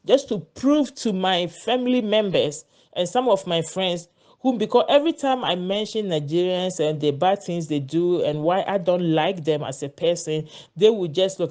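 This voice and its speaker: A woman's voice: fairly low pitch, lively intonation, moderate pace, a little mellow. Earnest woman telling a story. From Ghana. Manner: earnest, repeats words while searching for them. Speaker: vlogger sharing a personal story. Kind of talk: casual storytelling monologue.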